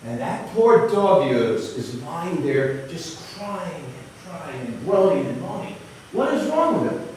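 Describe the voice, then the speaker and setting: An exasperated rookie mailman who has had enough, blunt and a little raised in pitch, as a man voices him. The sound is very echoey and distant. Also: big pitch swings, unhurried, darkish tone, slight background noise. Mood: puzzled. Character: new male mailman, curious and fed up. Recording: echoey room, distant mic.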